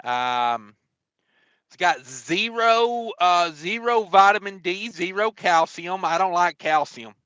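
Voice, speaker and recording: A man's voice: sits high, lively intonation, takes it slowly, bright, forceful tone, clean tone, no echo. A man hosting a casual trucking livestream, rambling and joking with lots of fillers. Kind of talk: casual live-stream chat.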